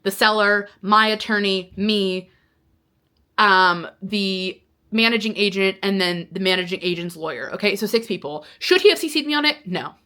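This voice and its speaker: A woman vlogging straight to camera, telling a long story in an animated, exasperated way. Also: medium pitch, normal speed. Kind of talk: casual talking-to-camera vlog.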